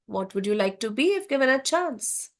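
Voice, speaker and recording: A woman voicing a calm, wise sage in a told animal fable. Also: high-pitched, normal speed. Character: calm wise sage resting under a tree. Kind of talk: storytelling with voices.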